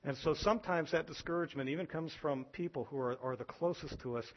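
A man preaching a sermon as pastor, animated, acting out voices from scripture. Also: quick pace, lo-fi sound. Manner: animated, acts out biblical voices with rising pitch.

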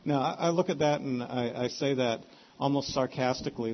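A man's voice: normal speed, highs cut off. A man preaching a sermon, telling the story and acting out the characters' lines with sudden bursts of emotion. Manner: animated storytelling, voices the characters with sudden rises in pitch.

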